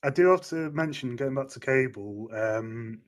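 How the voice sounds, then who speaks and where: A man hosts a casual fan interview with an ordinary mid-range voice. He speaks eagerly but haltingly, stacking ums and restarts as he gathers his thoughts. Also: medium pitch. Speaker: interview host.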